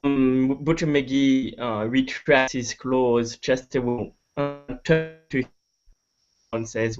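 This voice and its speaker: A man's voice: mid-range voice, fairly even intonation, slow pace, muffled recording, over music. A man playing an online tabletop game over a video call, speaking hesitantly with many fillers. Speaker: player.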